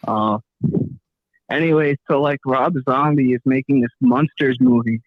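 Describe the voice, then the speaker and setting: A man's voice: mid-range voice, a little slow, no room sound, phone-quality sound. A man calling in to a live show, hesitant and filling gaps with ums. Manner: hesitant, with many fillers. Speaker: caller. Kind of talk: casual call-in chat.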